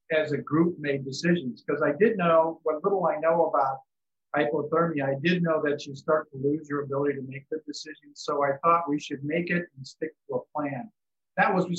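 Slightly high man, dull lo-fi sound. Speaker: interviewee. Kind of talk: casual storytelling. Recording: dull lo-fi recording.

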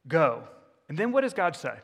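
A man's voice: a little high, normal speed, fairly bright tone. A man preaching a candid sermon as a pastor, putting questions to the congregation. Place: church sanctuary. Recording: echoey church hall.

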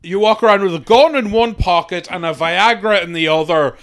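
Bright-voiced man joking crudely. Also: high voice, normal speed. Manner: crude, joking, slips into silly put-on voices. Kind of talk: casual comedic podcast chat.

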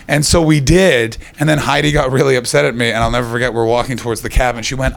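A man's voice: mid-range voice, steady tone, very fast, creaky, few pauses, fairly bright tone. A man telling loose, swearing comedy stories and working the crowd before a live audience. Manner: loose storytelling, crowd work, frequent swearing. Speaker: stand-up comedian and podcast host.

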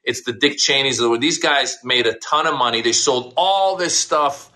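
A man's voice: medium pitch, moderate pace, sharp tone. A man co-hosting a casual talk show, speaking bluntly and heatedly with many restarts. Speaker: podcast co-host. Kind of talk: casual political discussion.

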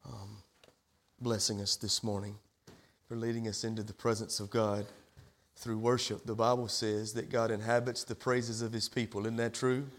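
A man's voice: fairly low pitch, little pitch movement, normal speed. A male pastor delivering a sermon in a church, with a repetitive preaching cadence and rhetorical questions. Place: church sanctuary.

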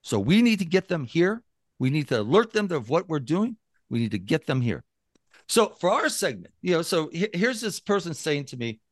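Animated man with a lively high voice. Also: normal speed, dry recording, clean studio sound. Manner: emphatic, many restarts, mocks opponents in quoted voices. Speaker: guest, libertarian activist. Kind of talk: animated interview talk.

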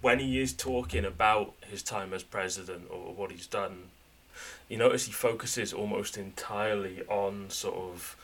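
A man from the United Kingdom co-hosting a podcast, talking things through in a thoughtful, halting way. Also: on the low side, a bit bright. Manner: thoughtful, halting, many restarts. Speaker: podcast co-host. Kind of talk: casual podcast chat.

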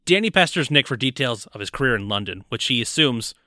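A man's voice: mid-range voice, lively intonation, a little fast, bright, forceful tone, no echo, clean studio sound. A man co-hosting a casual movie review podcast, enthusiastically recapping the plot. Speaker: podcast co-host.

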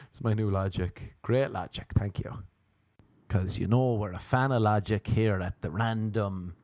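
A man's voice: lowish voice, animated, a little mellow, dry recording. Rambling, profane male comedian, dry sound. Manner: rambling, profane, slips into quick impressions. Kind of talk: comedic monologue.

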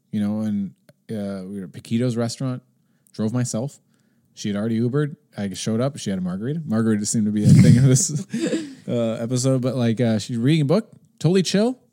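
A man in his thirties on a podcast, telling a story in casual chat and acting out the other people in high voices. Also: fast, mellow. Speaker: podcast co-host.

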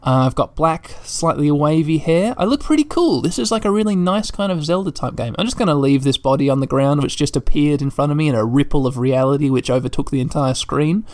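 A man narrating a video game as he plays, describing what is on the screen and thinking out loud. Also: fairly high pitch, lively intonation, brisk, hardly any pauses, no echo, clean studio sound. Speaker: gameplay commentator. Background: faint game music.

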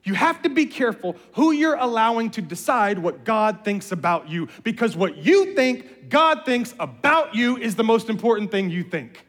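A middle-aged man preaching a sermon, telling animated personal stories with humor. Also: sits high, moderate pace, hardly any pauses. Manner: animated storyteller, jokes and voices family members. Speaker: pastor. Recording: reverberant hall.

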